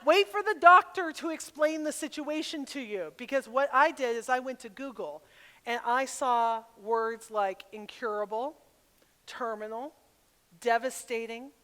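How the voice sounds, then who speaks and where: High-voiced woman telling a story in a hall. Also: measured pace. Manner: personal, animated storytelling with sudden loud bursts. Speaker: retreat speaker. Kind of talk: storytelling talk at a women's retreat. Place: large hall at a camp retreat. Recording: long reverb of a large hall.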